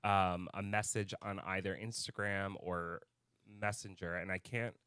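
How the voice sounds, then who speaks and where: A man's voice: sits low, fairly even intonation, a little slow, bright, forceful tone, clear, resonant tone, no echo. Heated, swearing male podcast co-host. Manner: heated, swears often, bursts of anger. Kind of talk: casual chat.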